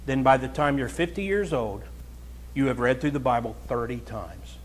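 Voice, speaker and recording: A man's voice: medium pitch, lively intonation, normal speed, slight background noise. A pastor preaching a conversational, folksy sermon to his congregation, chatting with listeners and then building to emphatic, raised points.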